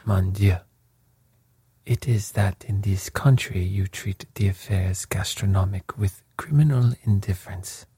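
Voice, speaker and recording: A man's voice: low-pitched, measured pace, mellow, slightly rough, dry recording, exaggerated voice. A man whispering the part of a fussy older male detective with a French accent, precise and faintly pompous, as whispered role-play.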